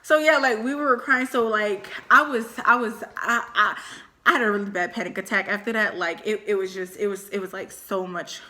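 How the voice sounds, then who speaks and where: A woman's voice: mid-range voice, moderate pace. A young woman telling a school story in casual, slangy chat, acting out quotes. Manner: animated, slangy, acts out quotes. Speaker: storyteller co-host.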